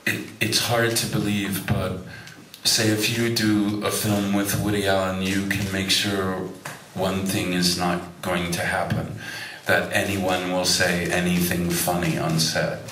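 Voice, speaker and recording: A man in his fifties spins dry, understated stories at a slow, unhurried pace. His voice sits very low, and it carries from some distance in an echoey hall with steady noise underneath. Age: 50s. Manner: dry, wry, understated delivery with many hesitations. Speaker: guest speaker at a film festival talk. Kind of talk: anecdotal storytelling on stage. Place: festival event hall with live audience.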